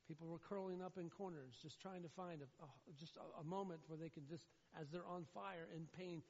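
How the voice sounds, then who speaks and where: A man preaching a sermon as pastor, swinging between loud, pleading emphasis and low, somber passages. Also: fairly even intonation, fairly quick, creaky. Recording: dull, muffled sound with long hall reverb.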